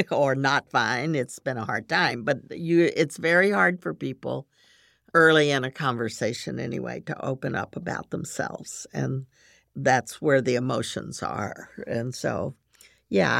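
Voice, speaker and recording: A woman hosting an interview, speaking gently and repeating words as she starts sentences. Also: very deep voice, creaky, dry recording, studio quality. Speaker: podcast host. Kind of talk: conversational interview.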